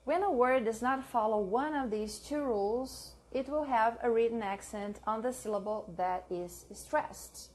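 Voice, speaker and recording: Young woman teacher, slightly high voice, deliberate pace, drills each example word. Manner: slow, careful, repeating each example word. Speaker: language teacher. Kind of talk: reading a pronunciation lesson aloud.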